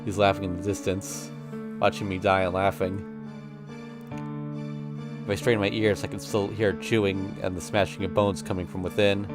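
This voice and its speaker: Low-voiced man reading a story dramatically. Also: little pitch movement, moderate pace, long pauses, over music. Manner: intense, emotional first-person narration. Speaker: streamer reading a visual novel. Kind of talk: dramatic reading aloud of a visual novel.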